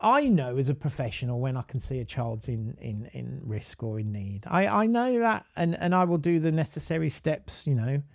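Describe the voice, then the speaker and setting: A man with a Birmingham accent, an autism advisor and parent, talking in an animated, emphatic monologue with frequent restarts and tangents. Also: medium pitch, normal speed, vocal fry, few pauses, no room sound, studio quality. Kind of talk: casual live-stream monologue.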